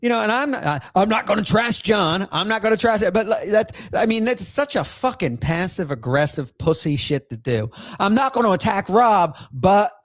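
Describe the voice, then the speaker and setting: A man's voice: sits high, lively intonation, normal speed, hardly any pauses, no echo, studio quality. A middle-aged man hosting a livestream, ranting with profanity and bursts of laughter while reacting to a clip and reading chat. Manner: heated, profane, laughing outbursts. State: in outpatient rehab.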